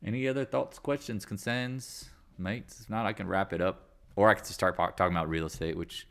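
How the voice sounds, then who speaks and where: A man's voice: lowish voice, fairly even intonation, fairly quick, gravelly, a bit bright. A man hosting a casual live market chat, rambling and joking as he goes. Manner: rambling, jokey, self-deprecating. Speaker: market chat host and real estate agent.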